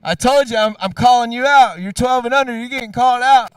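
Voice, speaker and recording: A man doing loud, teasing live commentary at an outdoor racetrack. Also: very high voice, brisk, clean tone, no echo, recorded from a distance. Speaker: track announcer. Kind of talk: live trackside hype commentary.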